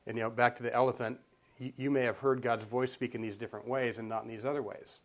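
Here a church group's guest speaker, a man in his forties, talks quickly in a flat, mid-range voice. His teaching talk is casual and earnest, built on stories he frequently restarts. The meeting room has a children's group next door, and the room recording sounds dull and lo-fi.

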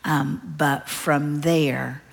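A middle-aged woman, preaching a sermon and telling a story with lively, animated delivery. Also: sits low, drawn-out words, vocal fry, slightly rough. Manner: animated storyteller, acts out children's cries.

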